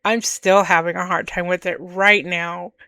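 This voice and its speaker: Woman, podcast monologue, slow and searching, bright clear tone, dry close sound. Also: lowish voice, steady tone, no echo. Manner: slow, candid, emotional and searching. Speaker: podcast host. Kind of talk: personal reflective monologue.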